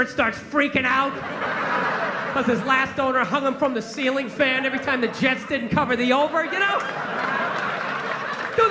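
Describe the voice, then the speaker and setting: Male stand-up, exasperated profane ranter; echoey venue, loud laughing crowd. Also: very high voice, very noisy. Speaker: stand-up comedian. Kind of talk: stand-up routine. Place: theater stage with live audience.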